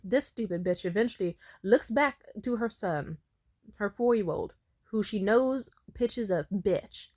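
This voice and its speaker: A woman in her twenties tells a story on her vlog in a casual, blunt style and swears freely. Her voice sits at an ordinary pitch for a woman. The recording is dry and close, with no room sound. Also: unhurried, no echo. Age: 20s. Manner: blunt, profane, animated. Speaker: vlogger.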